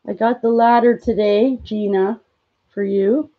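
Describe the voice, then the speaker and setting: A woman hosting a casual live stream, cooing at her pet in high baby talk between plain explanations. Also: steady tone, unhurried, phone-quality sound.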